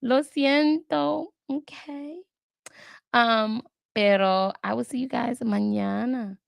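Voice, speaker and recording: A woman chats casually to her viewers while she studies, thinking out loud and sounding out each word with care. Her voice has a gravelly edge, and she talks very slowly. The sound is close and dry. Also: a little high, no echo. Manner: thinks aloud, chatty, talks to viewers as "y'all"; careful halting tries at Spanish words. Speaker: language learner vlogger. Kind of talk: casual chat while studying.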